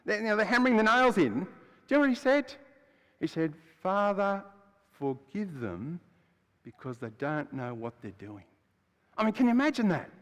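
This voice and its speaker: Playing Barabbas, the rough, blunt prisoner who was set free, a preacher delivers a first-person monologue within a sermon, chatty and swinging from loud to hushed. His voice is pushed up and sits high, very animated, at normal speed with frequent pauses. The church hall adds long reverb.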